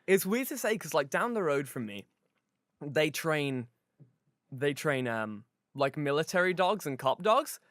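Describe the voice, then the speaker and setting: A man's voice: fairly high pitch, sing-song, unhurried, fairly bright tone, no echo, clean studio sound. A man co-hosting a podcast, chatting casually, swearing freely and acting out quoted voices. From Europe. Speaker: podcast co-host. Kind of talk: casual chat.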